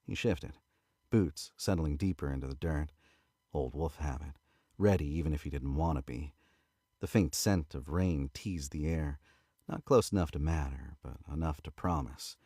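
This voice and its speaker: Australian man, very low voice, casual book reading, close dry sound, fixes his slips as he goes. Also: normal speed, dry recording. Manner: relaxed, stops to correct misread words. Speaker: narrator reading a novel aloud. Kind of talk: casual read-aloud narration.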